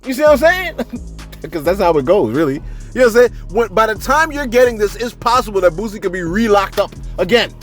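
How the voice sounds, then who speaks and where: Chatty male gossip host with a higher voice, loose rambling delivery, light music under him. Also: very animated, a little fast, fairly bright tone. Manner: chatty, rambling, repeats "you see what I'm saying". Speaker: celebrity news host. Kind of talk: casual commentary.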